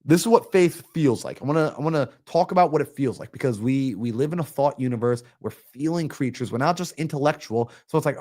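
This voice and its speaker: A man coaching on a live stream, energetic and preachy, acting out little everyday scenes. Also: mid-range voice, a little fast, few pauses. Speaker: mindset coach. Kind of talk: motivational live-stream talk.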